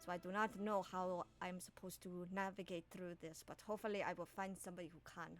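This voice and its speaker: A woman voicing a gruff male dwarf in an attempted Russian accent, speaking stiffly. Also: sits high, little pitch movement, fast talker, fairly bright tone. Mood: earnest. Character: gruff male dwarf wanting home to his cave.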